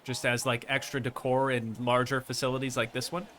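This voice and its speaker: A man's voice: mid-range voice, brisk. A man streaming a park-building game, chatting casually and rambling along while tired at the end of a long stream. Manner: relaxed, rambling, self-amused.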